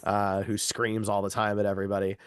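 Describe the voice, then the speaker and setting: A man's voice: lowish voice, monotone, brisk, clear, resonant tone, no echo, studio quality. A man co-hosting a casual film podcast, explaining scenes hesitantly and searching for words. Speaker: podcast co-host. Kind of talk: casual film review chat.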